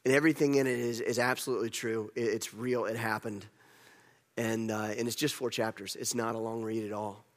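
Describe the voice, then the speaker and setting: A man's voice: lowish voice, level tone, brisk, long reverb tail. A man preaching a conversational sermon as a pastor, repeating phrases and building up rhetorical questions.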